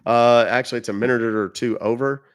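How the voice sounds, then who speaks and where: A man's voice: mid-range voice, fairly even intonation, fairly quick, clean tone, no room sound, studio quality. A middle-aged man hosting a casual live stream, loose and joking, swearing freely, coughing and sniffling now and then. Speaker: livestream host baiting scammers.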